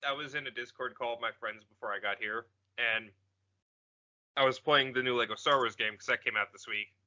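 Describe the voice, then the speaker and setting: A man's voice: mid-range voice, brisk. A man co-hosting a podcast, chatting and joking casually while watching a movie. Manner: animated, jokey, puts on silly voices. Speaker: podcast co-host. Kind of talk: casual chat over a movie. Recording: dull lo-fi sound.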